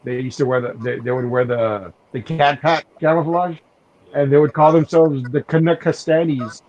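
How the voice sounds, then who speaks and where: A man's voice: a little high, fairly even intonation, moderate pace, darkish tone, slight background noise. Rambling man on lo-fi audio. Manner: rambling storyteller, many restarts and "you know". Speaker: podcast host. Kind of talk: casual chat. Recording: dull lo-fi sound.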